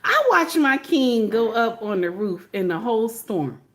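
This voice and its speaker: Woman going off in a reaction vid, high voice, super theatrical, swearing and cracking up. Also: big pitch swings, measured pace. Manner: loud, theatrical, swears and laughs often. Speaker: reaction video host. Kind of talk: animated reaction commentary.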